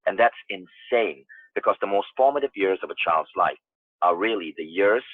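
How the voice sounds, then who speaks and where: A man speaks as a podcast guest, his voice low and slightly husky. He talks emphatically and tells stories, often restarting his phrases. The sound is dry and narrow, like a phone line. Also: lively intonation, normal speed, no echo. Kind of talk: casual interview talk. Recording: tinny phone-line audio.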